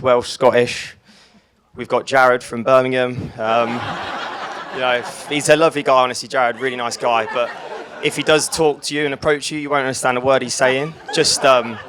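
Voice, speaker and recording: A man's voice: medium pitch, little pitch movement, moderate pace, noisy background. A young man from England giving a teasing wedding speech as the groom, laughing at his own jokes.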